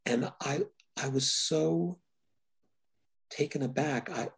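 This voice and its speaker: Answering interview questions about his own films, an older filmmaker speaks in a gravelly, husky voice pitched slightly high. He is thoughtful and slow, frequently stopping and starting his sentences over.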